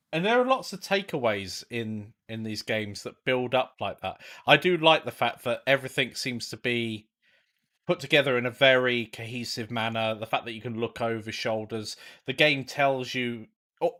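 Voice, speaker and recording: A man with a bright, clear-toned voice co-hosts a casual live stream. He muses on game design in a thoughtful way and laughs easily. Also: mid-range voice, moderate pace. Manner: reflective, laughs often. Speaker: co-host.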